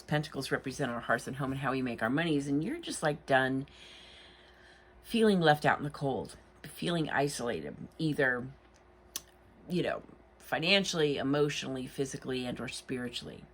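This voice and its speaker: Low, lively-voiced woman reading tarot. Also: normal speed, slightly rough. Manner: rambling, chatty with many "you know" asides. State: tired, late at night. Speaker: tarot reader.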